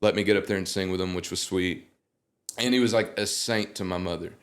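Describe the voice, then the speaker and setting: A young man, a guest singer, telling animated, joking stories in a casual interview. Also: sits low, a little fast.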